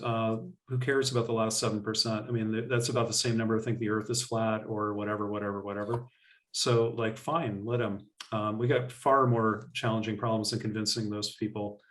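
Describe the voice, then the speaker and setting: Guest scientist, man, middle-aged; casual, animated, plenty of um and like. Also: on the low side, recorded from a distance. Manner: animated, acts out quoted voices, frequent fillers. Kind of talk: casual storytelling in an interview.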